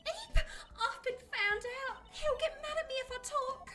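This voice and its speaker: A high, lively, unhurried young shopkeeper girl with a put-on British accent, as a woman voices her, all coy teasing sales talk. Her tone is bright and ringing. Faint music plays underneath. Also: heavily acted. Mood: timid.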